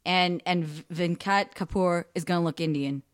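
A young adult woman co-hosting a podcast, talking casually with strong, emphatic opinions. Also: on the low side. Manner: opinionated, emphatic, quick asides. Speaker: podcast co-host. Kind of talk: casual chat.

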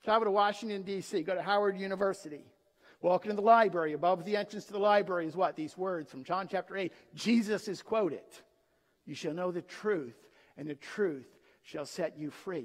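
High-voiced preacher in an echoing hall. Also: male voice, a bit bright. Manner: emphatic, asks rhetorical questions and answers them. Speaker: pastor. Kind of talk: sermon.

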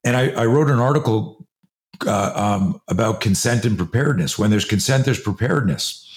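A man's voice: fairly low pitch, lively intonation, normal speed. A man in his sixties who grew up in Canada, a guest on a podcast interview, telling stories emphatically and acting out scenes with quoted voices. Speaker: guest, self-defense instructor. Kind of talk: animated storytelling in a podcast interview.

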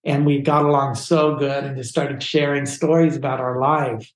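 A man telling his story as a podcast interview guest, animated and acting out the dialogue. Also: medium pitch, moderate pace, echoey room, low-quality recording.

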